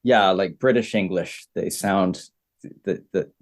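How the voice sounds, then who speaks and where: Give me a Canadian man speaking slowly and simply to beginner learners, lowish voice. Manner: repeats simple phrases, many pauses. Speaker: English teacher.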